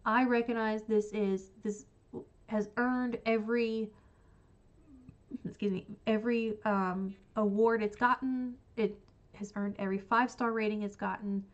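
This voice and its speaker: A woman streaming about books casually ranks ones she has read, rambling with lots of ums and likes. Her mid-range voice is steady and measured, recorded with lo-fi sound.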